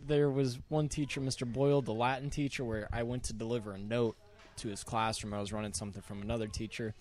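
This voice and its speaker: Young man recalling school stories. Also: medium pitch. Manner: relaxed storyteller, mimics teachers' lines loudly. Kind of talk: casual chat.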